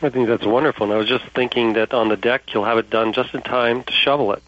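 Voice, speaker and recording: A man's voice: mid-range voice, fairly even intonation, fast talker, fairly bright tone, no room sound. A man calling into a radio show as a business owner, joking dryly and promoting his shop. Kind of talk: casual phone-in chat. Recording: dull lo-fi phone line.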